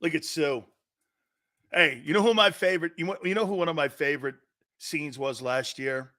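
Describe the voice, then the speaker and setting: Loud and excitable, this man hosts an opinionated sports talk show in a Philadelphia accent, laughing and shouting often. His pitch sits fairly high and he talks at a normal speed.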